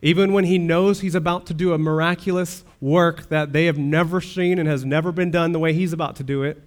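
A man's voice: a little high, steady tone, brisk, hardly any pauses. A man pastor preaching a sermon, earnest, with rhetorical questions and rising swells of emphasis.

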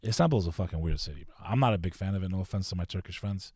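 A man's voice: sits low, animated, racing, darkish tone, breathy edge, no echo, clean studio sound. A man in his forties chatting casually on a podcast, an emphatic and profane storyteller who calls people "bro". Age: 40s. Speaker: podcaster, guest.

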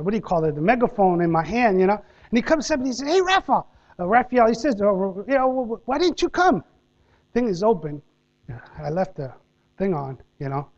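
A male pastor who immigrated as a child, preaching a sermon built around a personal story. He tells the story with lively energy and drops to soft, intense tones to drive his points home. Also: high voice. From immigrant to the United States. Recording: dull lo-fi sermon recording with hum.

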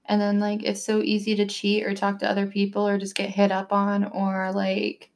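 A woman's voice: mid-range voice, monotone, moderate pace. A young woman talks casually, stringing her story together with endless "like" fillers. She drops in little acted-out bits of what people said, keeping the tone loose and conversational. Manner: chatty storytelling, constant "like" fillers, acts out quotes. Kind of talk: casual chat.

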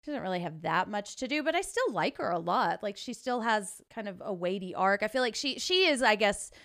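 A woman's voice: mid-range voice, animated, fairly bright tone, no echo, clean studio sound. A woman co-hosting a casual film podcast, talking enthusiastically with lots of "like" fillers. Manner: enthusiastic, fast-flowing, heavy use of "like". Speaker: podcast co-host.

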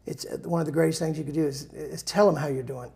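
Gravelly-voiced man telling rambling stories. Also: a little high, steady tone, fast talker, mellow. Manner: rambling, frequent restarts and self-corrections; folksy, self-deprecating humor. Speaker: songwriter. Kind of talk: casual interview storytelling.

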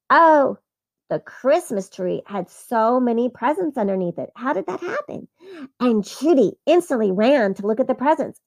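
Woman storyteller, christmas tale, earnest, lively swinging pitch, slightly gravelly. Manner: earnest, animated, with small laughs. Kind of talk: first-person Christmas story narration.

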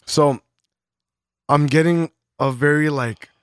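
A man's voice: fairly high pitch, fairly even intonation, slow, no echo, studio quality. Laid-back swearing man tasting beer. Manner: laid-back, swears casually, laughs often. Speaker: podcast co-host. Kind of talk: casual chat, beer tasting.

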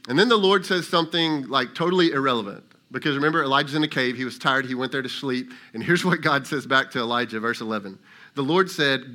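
A pastor delivers a sermon in a relaxed, conversational way. His voice sits a little high and has a bright, ringing edge. He talks to the congregation as if chatting with them. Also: a little fast. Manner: conversational preaching, acts out voices of God and Elijah. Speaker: lead pastor.

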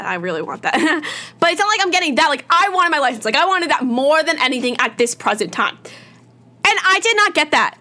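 Teen girl, exasperated valley-girl vlog rant, high pitch, crackle on the mic. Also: bright, forceful tone. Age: teens. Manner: dramatic, exasperated, filler-heavy valley-girl talk. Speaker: vlogger. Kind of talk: casual rant to camera. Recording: crackly noise.

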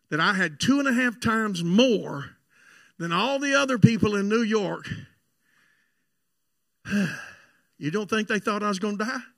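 High, gravelly preacher man. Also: no echo. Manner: fervent, swings between shouted preaching and hushed confiding storytelling. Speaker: pastor. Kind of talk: sermon with personal storytelling.

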